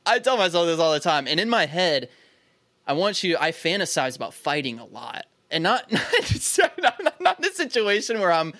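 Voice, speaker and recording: A young man from Philadelphia, a podcast co-host, telling stories in animated, casual chat, laughing often and swearing freely. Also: sits high, moderate pace, no room sound.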